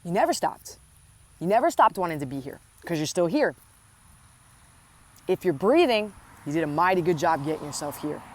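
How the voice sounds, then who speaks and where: A woman's voice: on the low side, very animated, normal speed, pauses often, darkish tone. A woman giving an inspirational spiritual talk, speaking earnestly and affectionately to the listener and repeating phrases for emphasis. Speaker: spiritual coach.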